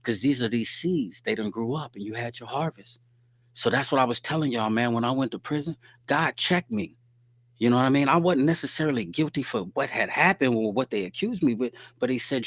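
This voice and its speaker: A man's voice: mid-range voice, expressive, fairly quick, dry recording. A man giving a streetwise, preachy faith-based talk straight to his listeners.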